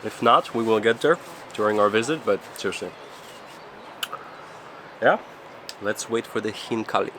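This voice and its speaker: A chatty, upbeat man with a lowish voice talks at normal speed in a casual travel vlog, leaving long pauses. Background noise is audible, and he loosely corrects himself as he goes.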